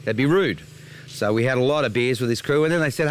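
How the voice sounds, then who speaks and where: An Australian man tells his travel stories in a loose, rambling, chatty way, voice pitched in the middle. A faint hiss of background noise sits under him. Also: fast. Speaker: host. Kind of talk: casual recollection to camera.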